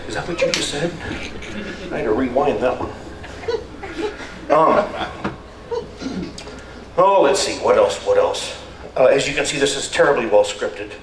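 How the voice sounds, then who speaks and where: An older man doing rambling, deadpan stand-up storytelling on a stage. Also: mid-range voice, a little hiss or hum. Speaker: stand-up performer. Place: stage at a community talent show. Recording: echoey hall, voice far from mic, faint ambience.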